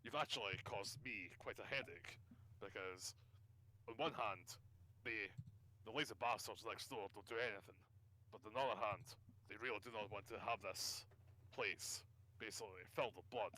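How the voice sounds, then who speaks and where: A man voices a grizzled, one-eyed old man with a grey beard who bargains with a party of adventurers. He is smooth and quietly threatening. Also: on the low side, normal speed. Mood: persuasive.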